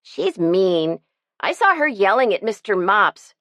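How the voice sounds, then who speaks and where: A woman's voice: medium pitch, sing-song, measured pace, a bit bright, no room sound. A woman voicing a moody, blunt teenage girl who speaks emphatically. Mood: sulky.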